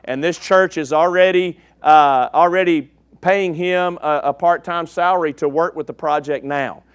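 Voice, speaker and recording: A man's voice: on the high side, moderate pace, clean tone, dry recording. A man preaching in a church, folksy and joking with the congregation. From East Texas. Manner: folksy and joking, checks in with "okay?". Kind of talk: sermon with a slide show.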